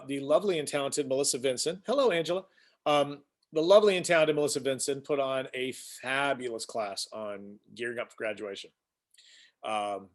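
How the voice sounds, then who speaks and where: A man hosting a casual weekly live stream, rambling as he greets viewers by name and shares news. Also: medium pitch. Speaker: host.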